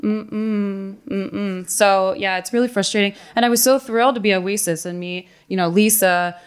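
A woman's voice: mid-range voice, fairly even intonation, fairly quick, smooth. A woman on a conference panel, telling her story candidly and acting out what people said to her. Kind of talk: panel discussion. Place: conference room.

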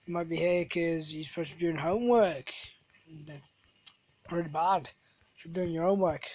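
A gamer chats loosely over their own play, drifting off into silly tangents and teasing themselves. The voice sits at an ordinary middle pitch, neither high nor low. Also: steady tone, normal speed, darkish tone. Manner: rambling, jokey, self-deprecating asides. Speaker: gamer, channel host. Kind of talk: casual gameplay commentary.

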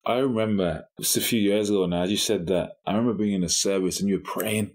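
A man's voice: lowish voice, fairly even intonation, fast talker. A man hosting a podcast, asking questions with enthusiasm and murmuring agreement. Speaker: podcast host. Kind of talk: interview conversation.

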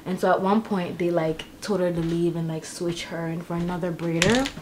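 A woman's voice: fairly low pitch, steady tone, normal speed. Young woman vlogging at home, rambly storytelling, lots of "like", faint hiss behind. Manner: chatty, storytelling, lots of "like" fillers. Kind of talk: casual chat to camera while getting ready. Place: apartment.

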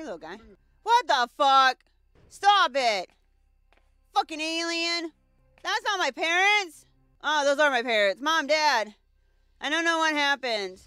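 A young woman commenting on her gameplay, excitable, swearing and joking. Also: high-pitched, dry recording. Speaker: gaming channel host. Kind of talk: let's play commentary.

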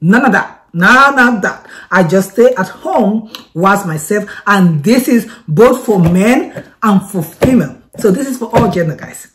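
Woman vlogger, mid-pitch, excitable and repetitive, unboxing review. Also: a little slow. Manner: chatty, repeats herself, excitable. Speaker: product reviewer.

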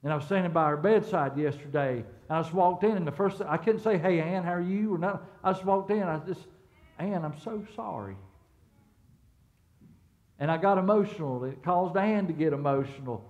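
A man's voice: fairly high pitch, fast, few pauses, darkish tone, highs cut off. A middle-aged man, preaching as a pastor in a church. He speaks conversationally, restarts and repeats words, and asks the congregation questions. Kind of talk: sermon. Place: church sanctuary.

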